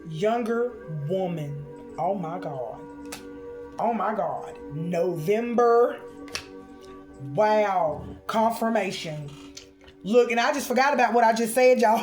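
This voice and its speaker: Expressive woman giving a spiritual card reading. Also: medium pitch, faint music behind. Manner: expressive, drawn-out exclamations, addresses viewers as honey and y'all.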